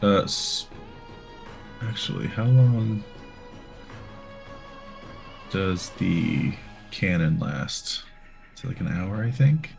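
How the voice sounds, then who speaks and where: A man's voice: deep voice, expressive, takes it slowly, creaky, pauses often, darkish tone, soft background music. A man playing a tabletop game in casual chat, thinking aloud over the rules. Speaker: player.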